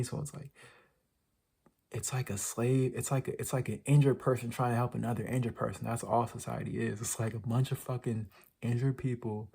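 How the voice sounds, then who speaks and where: A man's voice: medium pitch, little pitch movement, fairly quick, vocal fry, warm tone, husky. A young man ranting casually to his viewers, rambling and swearing, with lots of filler words. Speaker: vlogger. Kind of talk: casual rant to camera.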